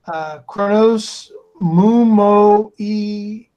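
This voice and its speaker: A man with a high voice hosts a casual live drawing stream. He reads the chat aloud in a loose, chuckling way and trips over the usernames. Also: very slow, muffled recording. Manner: reads viewer comments aloud, chuckling, stumbling over names.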